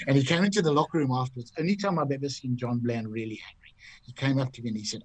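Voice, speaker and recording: An older Zimbabwean man, a golf commentator appearing as a podcast guest, relishes telling anecdotes and acts out the voices of the people in them. His medium-pitched voice is quick and slightly rough, on a rough recording with no room sound.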